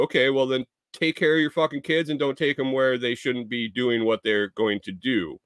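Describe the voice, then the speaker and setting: A man's voice: medium pitch, measured pace, a bit bright, clear, resonant tone, dry recording, studio quality. A man telling a rambling, profane story in a casual vlog, sounding exasperated. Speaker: vlogger.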